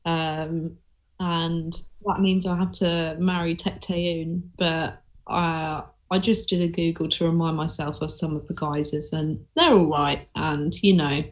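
A woman with a fairly low voice chats casually as a co-host. She speaks frankly but hesitantly, pausing often and filling the gaps with ums. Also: steady tone. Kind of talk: casual chat.

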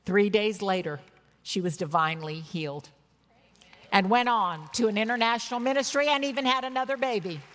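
A woman in her sixties preaches in a church, her mid-pitched voice carrying personal stories with earnest, emphatic bursts. Her words ring with the long reverb of a large hall. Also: a bit bright.

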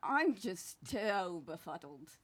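A woman plays a flustered, rambling actress who muddles everything at an audition. She talks with a lively, swooping pitch and pokes fun at herself. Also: slow pace, slightly rough, heavily acted. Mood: befuddled. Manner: flustered, rambling, self-deprecating. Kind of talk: improv comedy scene.

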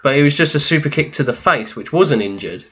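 Calm dry man recapping. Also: on the high side, a little fast, husky, dull audio. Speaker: podcast co-host. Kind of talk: casual chat, recapping from notes.

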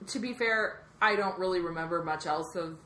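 A woman co-hosting a podcast, casually chatting about a movie, playful and quick to chime in and finish her partner's sentences. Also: lowish voice, a bit bright, echoey room. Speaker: podcast co-host. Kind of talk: casual movie recap chat.

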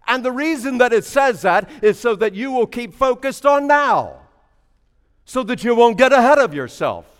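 A man preaching a sermon, telling a story and then building to loud, emphatic preaching. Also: very high voice, very animated, moderate pace, clear, resonant tone, big-room sound.

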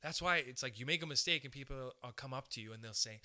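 A man's voice: mid-range voice, fast, few pauses. A young man doing a rambling, profane stand-up style monologue. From Canada. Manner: profane, rambling, animated asides.

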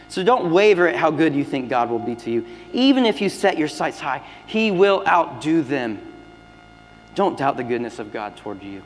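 A man preaching a sermon as pastor, swinging between loud emphatic lines and hushed, near-whispered ones. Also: mid-range voice. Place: church sanctuary. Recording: long hall reverb with faint music.

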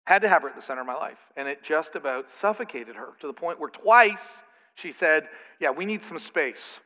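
Middle-aged male pastor, high bright voice, preaching in a long-echo church hall. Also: brisk. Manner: animated, with mocking put-on asides. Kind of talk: sermon. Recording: reverberant hall.

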